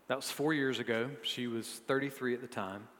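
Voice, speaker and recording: A man preaching a sermon, moving from soft, low asides to loud, rising emphasis as he reads a woman's story aloud. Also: fairly even intonation, a little fast. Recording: long hall reverb.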